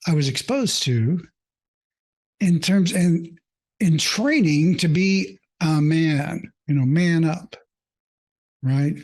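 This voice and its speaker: Slow, earnest man telling a story. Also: fairly high pitch, darkish tone. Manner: reflective, halting, with many fillers; earnest and openly emotional. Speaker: mindfulness coach. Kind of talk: personal storytelling monologue.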